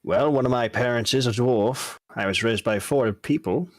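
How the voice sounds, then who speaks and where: A man's voice: mid-range voice, moderate pace, dry recording, studio quality. A man in a tabletop game talking in character, casual and curious, asking questions. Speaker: player. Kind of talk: in-character tabletop role-play.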